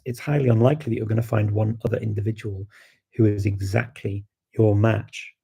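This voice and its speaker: Gravelly, dark-voiced Liverpudlian man. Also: medium pitch. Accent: Scouse. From Liverpool, England. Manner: chatty and rambling, with many fillers and restarts. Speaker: language-learning streamer answering viewer comments. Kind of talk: casual live-stream Q&A.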